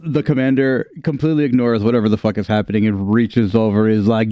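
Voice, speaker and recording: A man's voice: fairly low pitch, fairly even intonation, fast, dark tone, dry recording. A man narrating a tabletop game as game master, laid-back and casually swearing.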